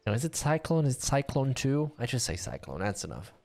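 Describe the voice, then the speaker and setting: A man's voice: mid-range voice, sing-song, fairly quick, vocal fry, darkish tone, soft background music. A man casting a live online game match, chatty and joking with his co-caster and the audience. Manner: chatty, joking, easily amused. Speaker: esports caster.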